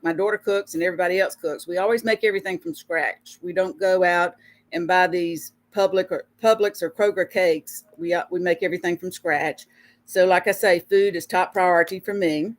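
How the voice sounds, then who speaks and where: A woman in her sixties from Georgia with a Southern accent, introducing herself in a chatty, folksy way on a video call. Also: medium pitch. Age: 60s. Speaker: guest speaker. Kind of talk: self-introduction on a live webcast.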